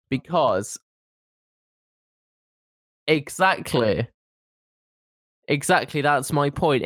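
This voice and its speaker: This co-host trades comic banter in a teasing, mocking way, giggling and laughing often. The voice is mid-range and the recording sounds dry.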